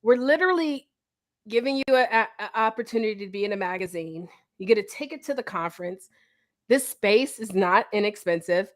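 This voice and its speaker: A woman hosting a livestream, telling a story in an animated way and talking to viewers as y'all. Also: medium pitch, brisk. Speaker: host. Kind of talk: livestream talk.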